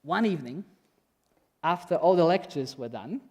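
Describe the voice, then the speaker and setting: A young man preaching a sermon in a church, conversational and animated, voicing quotes playfully. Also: fairly high pitch, moderate pace. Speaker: pastor.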